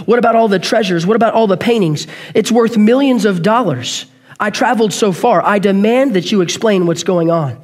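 A furious wealthy art collector, as a preacher puts him on, who raises his high voice in loud, demanding protest. He sounds put out and insistent in this sermon story. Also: brisk, close to an everyday voice. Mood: indignant.

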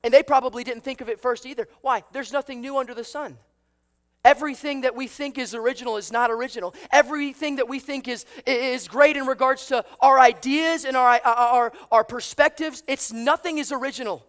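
A man's voice: very high voice, fairly even intonation, a little fast, fairly bright tone, clean tone. A man preaching a sermon, telling a story with acted voices and asking the congregation rhetorical questions. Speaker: pastor.

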